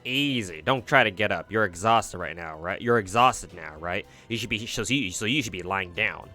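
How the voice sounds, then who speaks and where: Man voicing an easygoing knight, teasing, bright tone, faint music. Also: on the low side, animated, normal speed. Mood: soothing.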